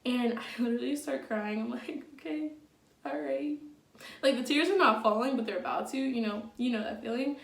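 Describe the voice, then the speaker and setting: A woman's voice: a little high, fairly quick, vocal fry, hardly any pauses, distant mic. Chatty young woman in an echoey room. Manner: chatty, many fillers, blunt and profane. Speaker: vlogger. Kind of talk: casual storytime.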